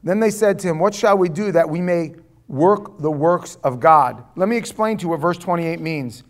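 A man in his forties preaching a sermon, animated, swinging from loud exclamations to hushed asides and acting out quotes. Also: on the high side, moderate pace. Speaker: pastor.

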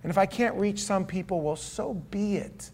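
A man's voice: high-pitched, moderate pace, a little mellow. A man preaching in a church, telling a personal testimony in a conversational, emotional way with frequent restarts. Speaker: pastor. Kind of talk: sermon testimony.

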